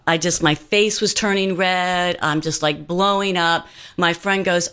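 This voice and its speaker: A woman's voice: lowish voice, steady tone, measured pace, hardly any pauses, fairly bright tone, clear, resonant tone. A woman guest giving an earnest personal testimony in casual talk, with many fillers and restarts.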